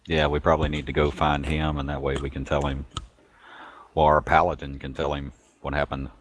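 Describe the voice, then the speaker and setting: A man's voice: rumbling low, little pitch movement, a little fast, no echo. A man playing a tabletop game, talking in a casual, easygoing and cautious way. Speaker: player.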